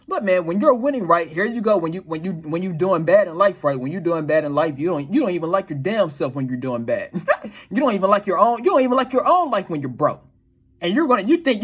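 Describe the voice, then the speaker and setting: A man's voice: sits high, slightly rough. Give me a man ranting casually with slang and curses. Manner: slangy, profane, laughing, repetitive. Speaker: dating advice commentator. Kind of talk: casual monologue.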